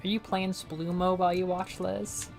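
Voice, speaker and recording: A woman's voice: on the low side, little pitch movement, moderate pace, vocal fry, a little mellow, soft background music. A young woman chatting casually while she plays a game on stream, rambling and laughing often. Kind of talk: casual gaming commentary.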